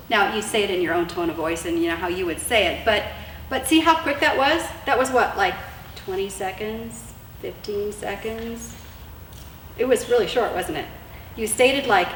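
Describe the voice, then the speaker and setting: A woman's voice: medium pitch, normal speed, fairly bright tone. A woman giving casual, earnest marriage advice to wives, with lots of fillers and restarts. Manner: chatty and earnest, many fillers and repeated words. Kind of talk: casual instructional talk. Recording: echoey room, mic at a distance, faint hiss.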